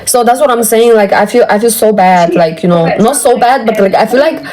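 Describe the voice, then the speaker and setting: A woman whose first language is Tibetan, venting to a friend on a phone call in an animated, exasperated way with lots of fillers. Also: a little high, a little fast, crowd noise. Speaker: vlogger.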